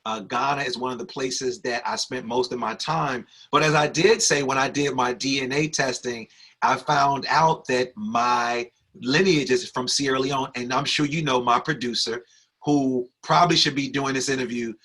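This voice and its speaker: Male podcast host, bright forceful tone, playful and teasing, in a studio. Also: mid-range voice, steady tone, normal speed. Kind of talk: casual interview chat. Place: recording studio.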